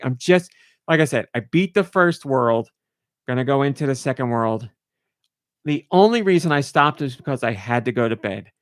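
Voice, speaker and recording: A man's voice: medium pitch, expressive, normal speed, dry recording, clean studio sound. A man hosting a podcast, chatting casually and gushing with enthusiasm. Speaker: podcast host.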